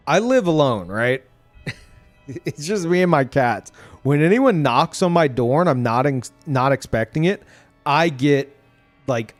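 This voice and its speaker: A man streaming a game, ranting in casual commentary, excitable and swearing, laughing as he talks. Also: on the high side.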